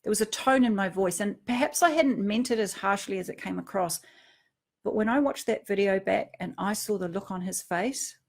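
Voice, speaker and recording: A middle-aged woman talks earnestly about emotions and relationships, with a gravelly edge to her voice. She drops to hushed tones and then pushes up into emphatic, lifted phrases. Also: mid-range voice, normal speed. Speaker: speaker on emotional triggers. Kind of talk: reflective personal talk.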